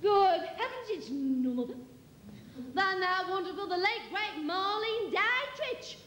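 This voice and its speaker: A woman comedian on a theatre stage, introducing her impressions with brisk, mock-grand showbiz patter. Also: extremely high pitch, expressive, in a large hall, loud music behind the voice. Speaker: comedian performing a one-woman show. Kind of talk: live stand-up with impressions.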